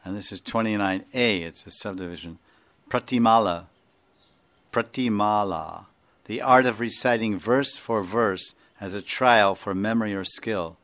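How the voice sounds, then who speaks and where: A man's voice: fairly low pitch, normal speed, hardly any pauses, fairly bright tone. A man with an Indian accent, a spiritual teacher giving an informal class, rambling, chuckling and often asking his listeners to confirm.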